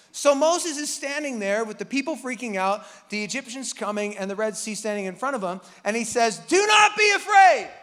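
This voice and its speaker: A man's voice: high-pitched, fairly bright tone, long reverb tail. A man preaching a casual, joking sermon as pastor, acting out Bible characters with the congregation. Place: church hall.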